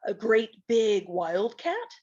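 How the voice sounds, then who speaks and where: A playful pioneer father spins tales by the fireside, gently teasing and fond, as a woman reading a storybook puts him on. The voice sits fairly high and unhurried, and the sound is slightly muffled. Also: very animated, exaggerated voice. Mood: storytelling.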